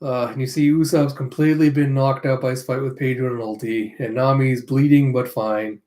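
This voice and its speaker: In a relaxed review of a comic chapter, this man narrates panel by panel, tossing in sardonic asides and brief character voices. He speaks at a medium pitch with fairly even intonation and a mellow quality.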